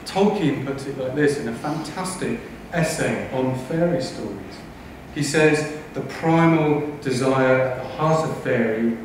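This conference speaker delivers his lecture in an unhurried, mid-range voice, eager yet wry, and he slips in remarks aimed at the audience. There's a little background noise, and the echoey hall makes him sound far away.

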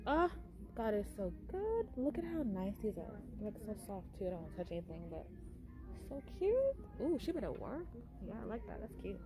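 A woman's voice: medium pitch, very animated, fairly quick, noisy background. A woman vlogging while she shops, gushing and exclaiming over baby items as a mom. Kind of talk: casual shopping vlog. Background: music.

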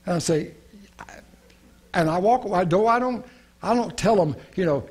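A man's voice: high-pitched, animated, normal speed, long pauses, slightly rough. A male pastor preaching a sermon, earnest and prayerful, repeating key phrases.

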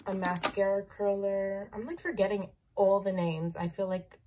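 A woman's voice: mid-range voice, little pitch movement, normal speed, background noise. A young woman casually touring her makeup collection, rambling with lots of fillers. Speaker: beauty vlogger.

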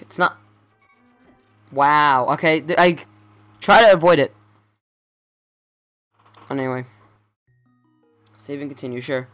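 A man's voice: on the high side, a bit bright. Young man rambling through game commentary. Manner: rambling, stammering, self-correcting. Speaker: let's play commentator. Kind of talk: casual gameplay commentary.

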